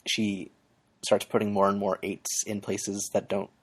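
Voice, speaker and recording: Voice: low voice, completely flat delivery, a little slow, breathy edge. A podcast co-host chatting casually about a webcomic, hesitating often with ums and uhs.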